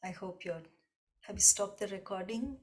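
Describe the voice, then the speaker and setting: A woman teaching a devotional class, explaining slowly and reflectively and often repeating a point in new words. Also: medium pitch. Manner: slow, reflective, gently repetitive explanation. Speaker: spiritual teacher.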